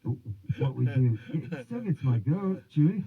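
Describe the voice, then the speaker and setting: A man's voice: mid-range voice, sing-song, normal speed. A man hosting a livestream, lecturing in a rambling, theatrical way with mocking asides. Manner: theatrical, swinging between musing and mocking asides. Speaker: host of a religion and language livestream. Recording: thin, phone-like sound.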